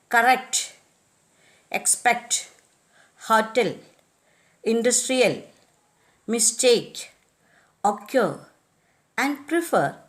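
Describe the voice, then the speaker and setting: Slow, deliberate Indian English woman teacher. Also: fairly high pitch. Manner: slow, deliberate reading with carefully pronounced example words. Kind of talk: scripted lecture on English word stress.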